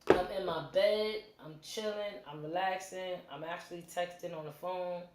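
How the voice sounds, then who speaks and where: A middle-aged woman hosting a livestream from her home, telling a story in a casual, animated way and acting out the quotes. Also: on the low side, slight background noise. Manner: animated, acts out quotes, quick asides. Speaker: livestream host. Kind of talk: casual storytelling to a live chat. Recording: roomy echo.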